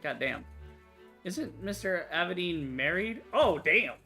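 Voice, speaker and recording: A woman's voice: fairly low pitch, animated, slow, vocal fry, pushed and bright, soft background music. A woman hosting a gaming channel, chatting casually through a game, swearing and laughing often. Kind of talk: let's play commentary.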